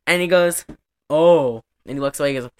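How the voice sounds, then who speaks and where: Racing along in a deep, smooth voice, a young woman on a laid-back podcast co-hosts and retells a movie. Her recap rambles, leans heavily on "like," and includes lines she acts out from the film.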